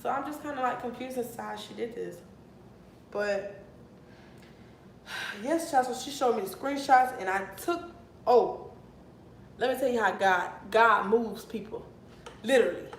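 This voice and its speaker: A woman in her twenties telling a casual storytime vlog, animated and outraged, cursing as she talks. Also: a little high, unhurried, pauses often. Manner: animated, outraged storytelling with swearing and acted quotes. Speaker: vlogger. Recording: echoey room with faint noise.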